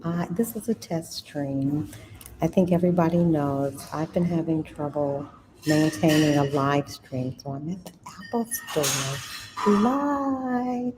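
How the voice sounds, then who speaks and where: A chatty woman hosts an impromptu live stream about money and investing, her voice sitting fairly low for a woman. She talks casually, sometimes dropping to a whisper. Store ambience hums clearly behind her. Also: slow pace. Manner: chatty, drops to a whisper at times. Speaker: host of a money and investing channel. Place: inside a busy computer store. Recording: noisy store background.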